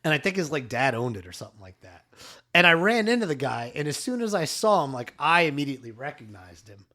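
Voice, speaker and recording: A man co-hosting a podcast, telling stories in a casual, animated way and swearing freely. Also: fairly high pitch, fast talker. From Las Vegas. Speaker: podcast co-host. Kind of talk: casual storytelling chat.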